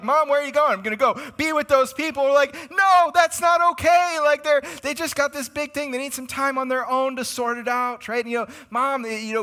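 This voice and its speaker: A man preaching a sermon as a pastor, conversational and animated, speaking to his congregation in a church. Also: a little high. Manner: conversational and animated, names congregants, acts out quoted voices. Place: church sanctuary.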